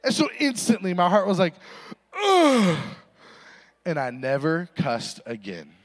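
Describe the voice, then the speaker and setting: A man's voice: fairly high pitch, sing-song, moderate pace. A young adult man giving a sermon, telling a funny story and acting out voices in a self-deprecating way. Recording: reverberant hall recording.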